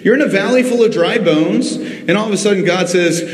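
A man preaching a sermon as pastor, rising and slowing for drama, calling out to the congregation. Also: high voice. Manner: preaching with dramatic rises and drawn-out pauses. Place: church sanctuary. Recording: echoey church hall.

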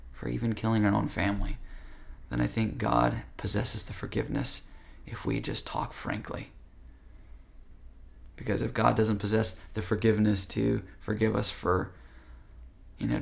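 A man's voice: fairly low pitch, vocal fry. A man teaching yoga philosophy in an earnest, conversational, direct way. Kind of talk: spiritual talk.

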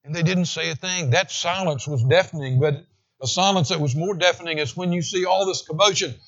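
A man preaching a sermon with emphasis, slowing down to read scripture aloud. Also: fairly high pitch, a bit bright, muffled recording. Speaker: pastor.

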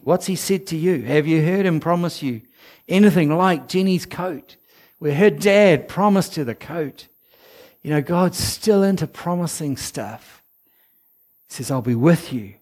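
Chatty man preaching. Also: a little mellow. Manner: chatty, laughing asides, dips low for quoted voices. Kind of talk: informal sermon.

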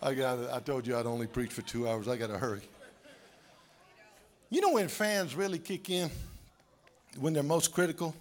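A man preaching a sermon as pastor, telling folksy stories with laughter and rising to shouts. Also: medium pitch, normal speed, pauses often.

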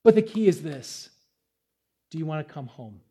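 Earnest high-voiced male pastor. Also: lively intonation, normal speed. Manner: earnest, pleading, swings between loud and quiet. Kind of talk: sermon. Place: church service.

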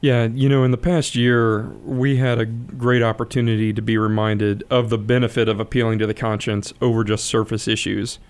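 Smooth-voiced, articulate man. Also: mid-range voice, level tone, moderate pace, hardly any pauses. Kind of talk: casual chat on a faith talk show.

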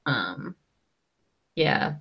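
Here a young woman stretches out her words while co-hosting a casual recap of a reality show, filling it with "um" and "like." The audio has its high frequencies cut off.

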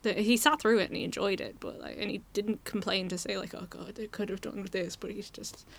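A woman's voice: medium pitch, steady tone, brisk, creaky. A woman joining a podcast film chat, talking hesitantly with many fillers and giggles. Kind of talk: casual film discussion.

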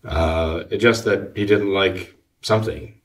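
A man, a Catholic priest, answering listener questions in a measured, halting way with many fillers and restarts. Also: low voice, distant mic. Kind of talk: conversational commentary.

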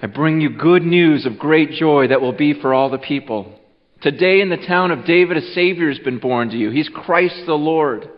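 A man preaching a Christmas Eve sermon in a church, animated and repeating words, dropping low and quiet for emphasis. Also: normal speed. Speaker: pastor. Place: church sanctuary. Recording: muffled with long hall reverb.

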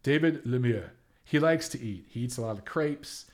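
Young dude ranting about boxing, blunt and opinionated, cusses a bit, regular mid voice. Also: male voice, mid-range voice, animated, moderate pace. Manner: blunt, opinionated, curses freely. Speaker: boxing commentator. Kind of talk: casual commentary.

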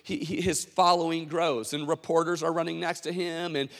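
A man preaching a sermon as a pastor, telling stories in a conversational, animated way with many fillers. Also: fairly high pitch, normal speed, big-room sound.

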